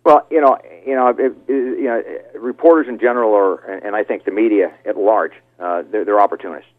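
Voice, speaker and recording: A man's voice: fairly low pitch, steady tone, fairly quick, dry recording. A middle-aged man speaking as a guest on a radio show, talking with passion and indignation, with many fillers and restarts. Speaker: call-in guest, father of a fallen Marine. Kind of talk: heated phone interview. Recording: tinny phone line.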